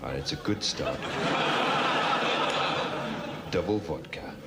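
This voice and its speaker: An actor playing a deadpan male TV darts commentator in a comedy sketch, with dry, measured mock sports commentary. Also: rumbling low, very noisy. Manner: slow, measured, dry delivery.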